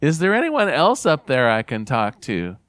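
A man voicing a frightened man hanging from a cliff edge, pleading high and strained as he tells a joke. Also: wildly swooping pitch, moderate pace, fairly bright tone, dry recording, clean studio sound. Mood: desperate pleading. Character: panicked man dangling from a cliff.

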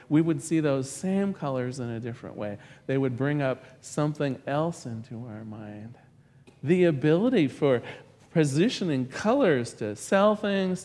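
A man preaching with a fairly high, very lively voice that swings up and down as he tells stories. His words ring with a long reverb, as if he is speaking in a large church hall. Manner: animated storytelling, acts out a joke with rising excitement. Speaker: pastor. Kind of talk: sermon.

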